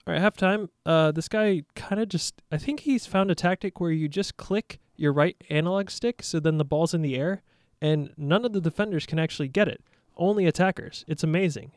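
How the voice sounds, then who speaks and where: A young man giving casual, playful commentary over his own gameplay, joking at his own expense and bursting into excited shouts during play. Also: on the high side, normal speed, no room sound, faint music behind. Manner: playful, self-mocking, excitable bursts while playing. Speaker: gaming YouTuber.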